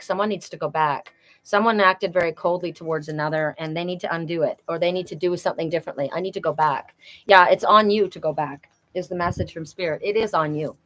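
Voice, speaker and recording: A woman hosting a live spiritual card reading, talking in a chatty, animated way with frequent exclamations. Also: deep voice, fairly quick, faint music behind, rough recording. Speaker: oracle card reader and host.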